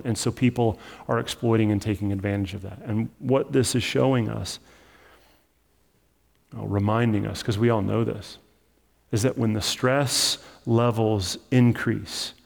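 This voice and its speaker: A man's voice: on the low side, vocal fry, darkish tone, big-room sound. A man preaching a sermon as pastor, in a conversational, emphatic style that acts out the story.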